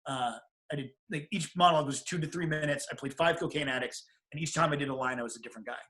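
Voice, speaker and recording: Bright-voiced man telling his story. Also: fairly high pitch, fast. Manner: animated, acts out quoted voices. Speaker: guest. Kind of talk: casual interview storytelling.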